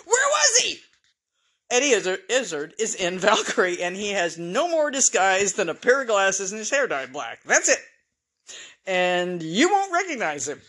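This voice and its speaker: A woman's voice: mid-range voice, a bit bright. A woman hosting her own podcast in a casual solo monologue, blunt and opinionated, swearing freely and chuckling at her own asides. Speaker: podcast host.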